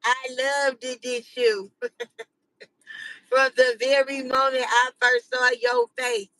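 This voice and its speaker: A gushing adult woman proposes marriage in a drawn-out, sing-song voice that swoons over every line, as a woman acts her out. Her tone is bright and ringing, recorded dry and close. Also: sits high, expressive, no room sound, exaggerated voice, poor audio. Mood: gushing, pleading.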